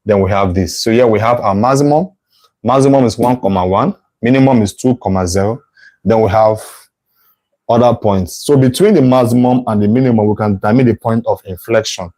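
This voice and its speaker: A man's voice: on the low side, brisk, warm tone, low-quality recording. Man thinking aloud through a math lesson. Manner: thinks aloud while sketching, self-correcting, checks in with "right?". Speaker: math tutor. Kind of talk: live online math lesson.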